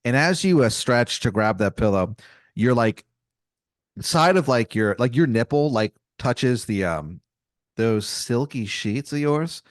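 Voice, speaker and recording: A young man improvising a comic story on a podcast, rambling with many fillers and mock-dramatic pauses. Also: mid-range voice, lively intonation, no room sound, studio quality. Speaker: podcast co-host telling an improvised scenario.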